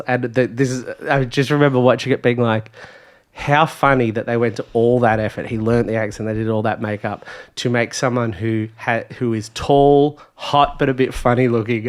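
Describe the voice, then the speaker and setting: A man co-hosting a casual podcast chat, chatty and laughing easily, often restarting his sentences. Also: mid-range voice. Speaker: podcast co-host.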